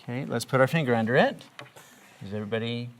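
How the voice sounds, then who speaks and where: A woman teaching a kindergarten reading lesson, patiently asking questions and drawing out phonics patterns slowly. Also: extremely low pitch, slight background noise. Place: classroom with small children.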